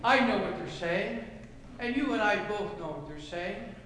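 A male pastor preaching a sermon, swinging from low, soft passages to loud shouted cries. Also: lively intonation, normal speed, slight background noise. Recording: echoey hall with long reverb.

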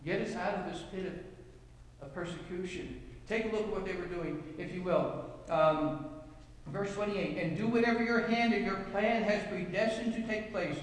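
A man's voice: sits high, moderate pace. A man preaching a sermon as pastor, reading scripture and telling anecdotes with rhetorical questions to the congregation. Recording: echoey hall, mic from far off.

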